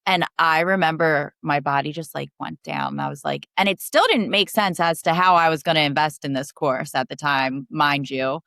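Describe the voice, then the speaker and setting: A woman's voice: low-pitched, moderate pace, vocal fry, few pauses, no room sound, studio quality. Earnest young woman telling her story. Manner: emotional, earnest, speeds up when excited. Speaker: guest, coaching student. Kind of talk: podcast interview, personal story.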